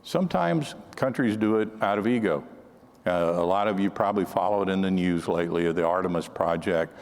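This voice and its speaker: An older man with a lowish voice gives a conference talk, spinning anecdotes in a loose, conversational way. His sentences often restart midway. The sound carries the long reverb of a large hall. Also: a little fast, darkish tone. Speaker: conference speaker on counterintelligence. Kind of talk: storytelling talk to an audience.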